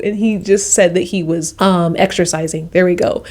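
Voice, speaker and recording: A young woman vlogger telling a travel story in a casual, animated way, acting out her own quotes with high excited bursts. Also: brisk.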